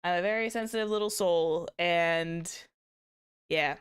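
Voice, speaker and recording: A woman's voice: lowish voice, measured pace, clean tone. A woman streamer chatting casually with viewers, rambling with many restarts and small laughs. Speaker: VTuber streamer.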